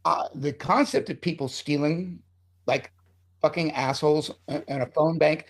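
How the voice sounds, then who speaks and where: A middle-aged screenwriter being interviewed talks in a heated, profane, rambling way. It's casual interview talk, delivered in a voice on the high side at a moderate pace.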